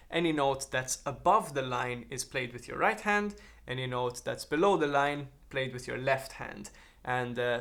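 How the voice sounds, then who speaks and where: A man's voice: on the high side, a bit bright. A man teaching a drum lesson on a practice pad, explaining technique and counting beats aloud.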